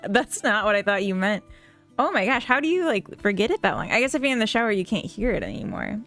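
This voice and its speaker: A woman's voice: mid-range voice, sing-song, a little fast, a bit bright, faint music behind. A Minnesotan woman chatting casually with viewers on a live stream, rambling and giggling often. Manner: giggly, rambling, full of fillers. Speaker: live-streaming game developer.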